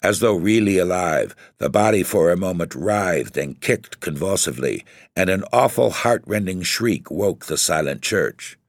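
A man with a very deep, low voice reading a gothic horror story. His delivery is measured and grave, with a dramatic weight on each phrase, and the sound is dry and close. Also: expressive, dry recording. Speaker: narrator.

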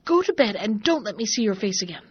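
A woman's voice: mid-range voice, big pitch swings, fast, slightly rough, no room sound, muffled recording. A woman voicing an angry rich merchant father in a storybook reading, exasperated and cross.

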